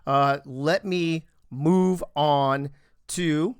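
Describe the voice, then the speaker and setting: A man hosting a live-streamed show in casual chat, joking and rattling off quick shout-outs to viewers. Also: fairly high pitch, fairly even intonation, clear, resonant tone, no room sound, studio quality.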